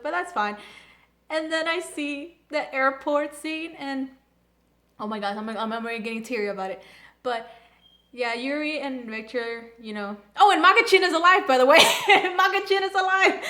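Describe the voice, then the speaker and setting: A young woman reviewing an anime episode in casual chat, gushing and excitable, full of "like" and restarts. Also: high voice, normal speed. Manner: gushing, filler-heavy, excitable.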